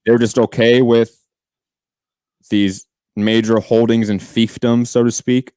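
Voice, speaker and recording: A man's voice: medium pitch, level tone, slow, mellow, clean tone, no room sound, clean studio sound. A man co-hosting a political podcast debate, pressing his opponent with long probing questions. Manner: probing, pushes back with questions. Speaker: podcast co-host.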